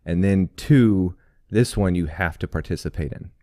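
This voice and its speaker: Low-voiced male podcast co-host, dry sound. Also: normal speed, warm tone, no echo. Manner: easygoing, poses questions. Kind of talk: casual chat.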